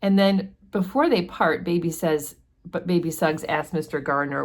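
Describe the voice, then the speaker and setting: A woman with a low, relaxed voice walks through a book chapter in a chatty teaching manner. She pauses often with fillers and talks the story over casually. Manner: chatty, explanatory, many fillers. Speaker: book study host.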